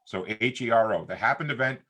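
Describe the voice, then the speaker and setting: A man's voice: medium pitch, fairly quick. A middle-aged man in casual conversation as a talk show guest, telling stories and acting out what people said. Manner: animated storyteller who acts out quotes.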